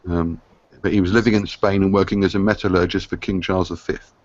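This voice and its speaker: A man's voice: sits low, flat delivery, fast talker. A man chatting casually in a group discussion, rambling on at length. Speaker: panelist. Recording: dull lo-fi dry recording.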